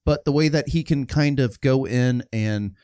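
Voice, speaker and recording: A man in his forties with a mid-range voice co-hosts a casual podcast. He speaks in a measured, reflective way with plenty of fillers. The close mic leaves the sound dry. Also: mid-range voice, dark tone, clean tone, no room sound. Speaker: podcast co-host.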